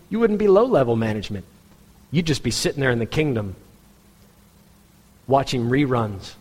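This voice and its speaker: A man preaching a sermon in a conversational, pointed way, jumping into a higher voice when he imitates people in the pews. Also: darkish tone, breathy edge, in a large hall. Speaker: pastor.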